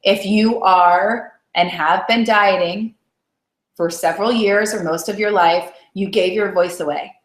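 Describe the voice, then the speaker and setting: A woman coaching her weight-loss group on a live call, chatty and encouraging, often tossing in a "right?" to check in. Her voice sits at an ordinary middle pitch. The room around her adds a noticeable echo. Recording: roomy echo.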